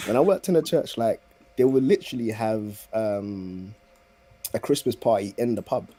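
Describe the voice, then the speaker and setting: Husky laid-back man. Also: lowish voice, normal speed, dark tone. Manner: laid-back, slangy banter. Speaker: podcast guest. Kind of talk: casual chat.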